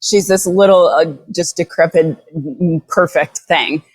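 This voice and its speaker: Animated woman telling a story, low voice. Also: measured pace, husky. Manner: animated, blunt storyteller who swears. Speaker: dog rescue founder, guest. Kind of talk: podcast interview storytelling.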